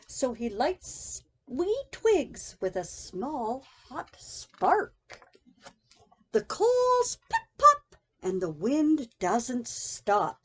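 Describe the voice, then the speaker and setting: Older woman reading slowly, sing-song. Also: sits high. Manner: very slow, sing-song, expressive. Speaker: grandmother reading aloud. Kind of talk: children's picture-book read-aloud.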